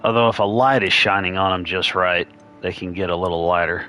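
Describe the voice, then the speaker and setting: A man's voice: sits low, steady tone, fairly quick, pushed and bright, slight background noise. A young man giving casual, rambling gaming commentary, chuckling as he goes. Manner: rambling, laughing, chatty. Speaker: streamer.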